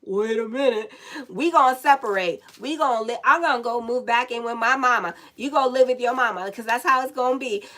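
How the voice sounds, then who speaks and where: Woman astrologer, sick, slightly high voice, chatty, cussing asides. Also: a bit bright, rough recording. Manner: chatty, swears and laughs at her own asides. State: sick, dry lips. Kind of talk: casual horoscope reading.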